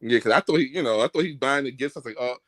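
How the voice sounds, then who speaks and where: A man's voice: mid-range voice, rapid-fire, no echo. A man with a New York accent, a guest calling in to a casual chat, joking and slangy. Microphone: phone or call audio, camera off.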